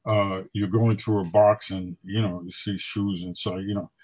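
An older man, a photographer guest, telling stories in a casual, animated way and acting out quotes. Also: on the low side, normal speed, low-quality recording. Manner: animated storyteller, acts out quotes. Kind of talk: casual storytelling.

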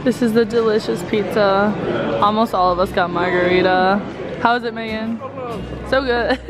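A woman's voice: mid-range voice, fairly even intonation, moderate pace. A young woman filming a casual travel vlog on a handheld camera, bubbly and giggly, using "like" often. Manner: bubbly, giggly, lots of "like" and "so cute". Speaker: travel vlogger. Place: outdoors and in restaurants while traveling. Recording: music playing underneath.

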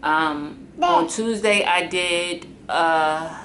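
A woman's voice: lowish voice, drawn-out words, heavy background noise. Tired woman rambling to her camera. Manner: relaxed, rambling, full of ums and likes. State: tired and low on energy. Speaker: fitness vlogger and mother. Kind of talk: casual chat to camera. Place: at home.

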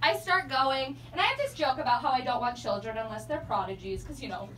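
A young woman working a club stage with a high, bright-pitched voice, chatting and poking fun at herself. She is picked up by a mic set some way off, so the sound is distant. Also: expressive, a little hiss or hum. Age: young adult. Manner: chatty, self-mocking, quick laughs. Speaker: stand-up comedian and host. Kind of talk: stand-up comedy set.

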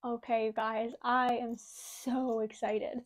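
A young woman vlogger doing a casual unboxing at home, gushing and excitable, a little out of breath, filling her talk with "like" and "oh my gosh". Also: on the high side, slow pace. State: slightly out of breath. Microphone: wireless mic.

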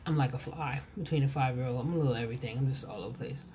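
Her voice extremely low and dark, a woman in her forties races through a casual eating vlog shot indoors at home. She is chatty and rambling, often cutting herself off, and the camera mic picks up slight background noise.

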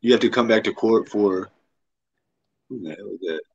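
Male livestream host, lowish voice, teasing and prodding, dull lo-fi sound with faint hiss. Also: normal speed. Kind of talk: casual livestream chat.

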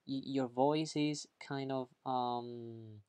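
A lively, upbeat English teacher explains vocabulary in an online grammar lesson, keeping things chatty and casual. The teacher keeps checking in with quick asides like "okay?", playfully acts out each example, and laughs at their own jokes. Their voice sits at an ordinary middle pitch.

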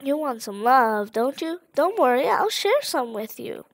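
A woman's voice: high-pitched, big pitch swings, measured pace, no echo, heavily acted. A woman putting on a sing-song, two-faced flower creature. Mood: falsely sweet. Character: mocking two-faced flower creature, sweet then sinister. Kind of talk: reading game dialogue aloud.

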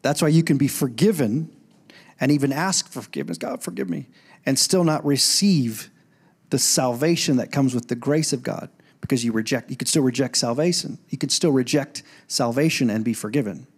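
Middle-aged pastor guy preaching in church, lively, shouts the quotes on a stage mic. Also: medium pitch, moderate pace, slightly rough. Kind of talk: sermon. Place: church sanctuary.

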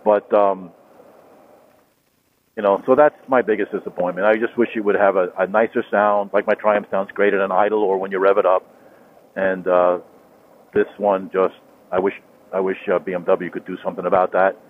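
A man, talking casually into a helmet mic while riding his motorcycle on a rural highway, rambling with lots of fillers and restarts. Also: flat delivery, moderate pace. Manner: rambling, repeats himself, many fillers and restarts. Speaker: motorcycle vlogger. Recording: tinny phone-like helmet mic with road noise.

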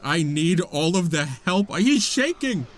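A man doing casual gameplay commentary, excitable and yelping, cutting off his swearing. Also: on the high side, takes it slowly. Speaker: gaming YouTuber.

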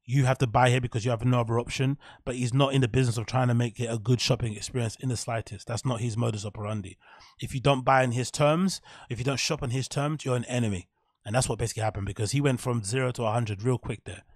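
A man's voice: mid-range voice, fast talker, no room sound, studio quality. Blunt, profane male podcast host. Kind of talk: casual commentary on a clip.

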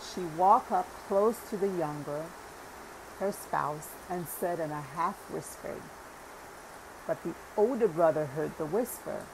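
A woman narrates a parable audiobook in a calm, deliberate reading. Her voice is low and gravelly. She takes her time over each phrase. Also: background noise. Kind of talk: scripted narration.

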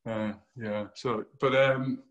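Glaswegian guy in an interview, animated storytelling, swears a lot, voices the people in his story. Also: medium pitch, slow, muffled recording. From Scotland. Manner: animated storyteller, swearing often, acting out quotes. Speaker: actor. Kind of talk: interview anecdote.

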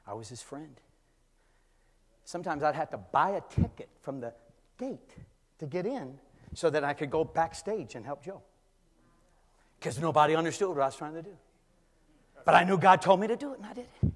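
An older man, a pastor, preaching a storytelling sermon that swings from quiet talk to shouting, in a church. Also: fairly high pitch, animated, moderate pace, pauses often. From California. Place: church sanctuary. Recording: church hall with long reverb.

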